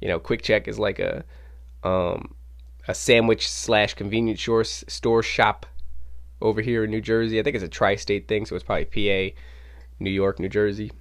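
A man with a slightly low voice hosts his own podcast, spinning a loose, animated story. He talks casually and swears freely. Now and then he jumps into the other people's voices. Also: normal speed. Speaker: podcast host. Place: home podcast studio.

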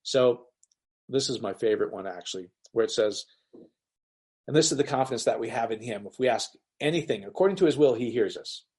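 An animated man leading a relaxed Bible teaching over a computer mic, his pitch jumping high when he mimics other people. He mixes reading scripture with loose conversational asides. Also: brisk, breathy edge. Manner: animated, acts out quoted voices. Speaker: pastor. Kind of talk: casual online Bible teaching.

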